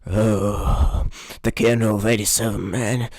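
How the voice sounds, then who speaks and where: A man voicing a haunted man solemnly remembering an old trauma in a low, hushed, mock-grave tone. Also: flat delivery, measured pace, gravelly, no echo, studio quality. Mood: grim.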